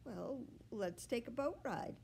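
A woman voicing a kindly grandmother in a storybook, speaking calmly and gently. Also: fairly high pitch, slow pace, gravelly, slightly rough, pitched above the performer's own voice, exaggerated voice.

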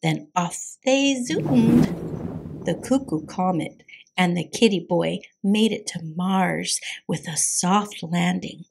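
A woman reading a picture book aloud for a preschool storytime, with an expressive, dramatic storyteller's delivery. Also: lowish voice, slow pace, gravelly, breathy edge. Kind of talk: children's read-aloud.

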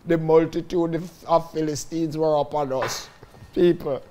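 A man with a Jamaican Patois accent telling stories from his own life in a lively, dramatic way, often calling out to his listeners. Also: fairly high pitch, normal speed. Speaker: storyteller recounting his life. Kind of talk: casual spoken autobiography.

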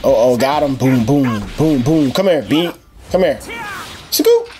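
A young man giving excited, trash-talking commentary as he plays a fighting game. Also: mid-range voice, normal speed. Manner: excitable trash talk, shouting at the screen. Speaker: gaming channel host. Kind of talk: live gameplay commentary. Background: game music.

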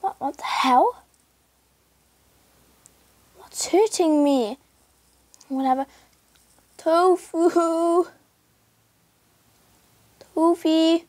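A woman chatting casually through her gameplay video, excitable and yelping as she plays. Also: extremely high pitch, very slow, pauses often, no room sound. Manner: excitable, calls out and yelps while playing. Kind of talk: casual game commentary. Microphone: screen recorder mic.

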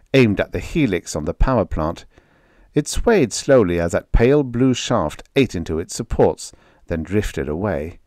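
A man narrating a vintage science fiction audiobook in an expressive, dramatic storytelling manner, close on a studio mic. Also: fairly low pitch, no room sound.

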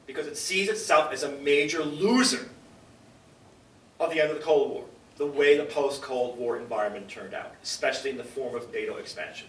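A man's voice: mid-range voice, bright, forceful tone, a little hiss or hum. An older man giving a public lecture to a room, emphatic and fond of rhetorical questions and asides to the audience. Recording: echoey lecture hall from far off.

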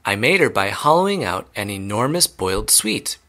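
A man's voice: fairly low pitch, big pitch swings, bright, forceful tone, exaggerated voice. Man doing a gleeful eccentric Willy Wonka. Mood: excited. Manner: exclamatory, hurried and gleeful. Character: eccentric excitable male chocolate maker.

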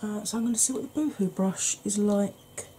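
A woman's voice: medium pitch, moderate pace, mellow, slight background noise. A woman hosting a makeup channel, chatting casually through a tutorial with rambling, self-deprecating asides.

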